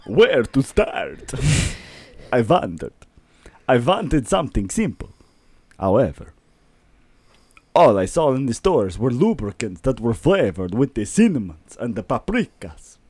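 A man co-hosting a podcast, reading a mock product review in a deadpan, mock-formal way and breaking into laughter. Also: mid-range voice, unhurried, pauses often, breathy edge, no echo. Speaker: podcast co-host. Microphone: podcast mic.

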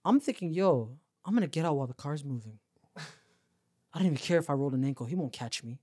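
A man's voice: a little high, brisk, slightly rough, dry recording, clean studio sound. A young man with a Toronto accent telling a story on a podcast, acting out the voices and laughing as he goes. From Canada. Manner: animated storyteller, acts out quotes, laughs often. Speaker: podcast host. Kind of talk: casual storytelling.

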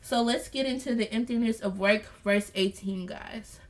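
A woman whose voice is on the high side hosts a casual Bible study podcast. She addresses her listeners as y'all with earnest, preachy enthusiasm, then reads scripture aloud slowly and softly.

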